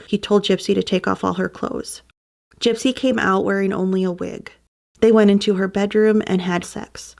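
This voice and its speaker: A woman tells a true crime story in a relaxed, chatty voice with a gravelly edge, her pitch sitting in an ordinary middle range. She drops in wry side remarks between the facts. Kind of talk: casual true crime narration.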